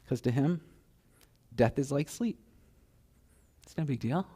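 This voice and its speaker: A man preaching a sermon, telling the story with animated acted-out voices and dropping to a hushed, tender tone at moments. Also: mid-range voice, unhurried, long pauses. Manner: drops to soft, hushed tones for tender moments. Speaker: pastor.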